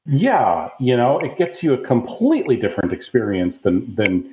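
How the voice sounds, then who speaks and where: A man's voice: mid-range voice, very animated, moderate pace, dark tone, echoey room, a little hiss or hum, rough recording. An American man with a Southern accent chatting on a podcast, rambling with many fillers. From United States. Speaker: podcast co-host. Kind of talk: casual podcast chat.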